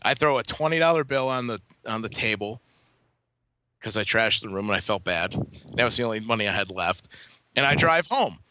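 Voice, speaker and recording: A man's voice: on the low side, lively intonation, brisk, bright, forceful tone, slight background noise. A man co-hosting a podcast, telling a long, rambling anecdote in casual, profane chat. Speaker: podcast co-host. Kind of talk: casual storytelling.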